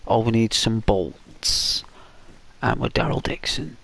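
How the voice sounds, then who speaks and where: A man from the north of England talks to his viewers during a game. He drifts between topics at an unhurried pace. His mid-pitched voice has a steady gravelly fry running through it. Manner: slow, meandering, chatting to viewers. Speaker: gaming streamer. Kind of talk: relaxed live gameplay commentary.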